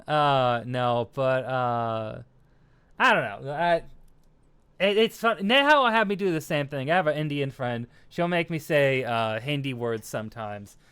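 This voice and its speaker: Reading viewer comments on his stream, this young American host rambles and pokes fun at himself, laughing and using plenty of fillers. He speaks slowly with long pauses, at medium pitch and with lively intonation, and his tone is clean but sharp.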